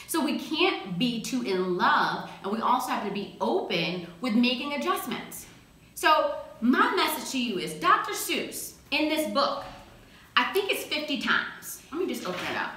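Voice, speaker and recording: A woman giving an energetic, emphatic motivational talk in a casual, slangy way. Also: on the high side. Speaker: motivational speaker. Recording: very echoey room.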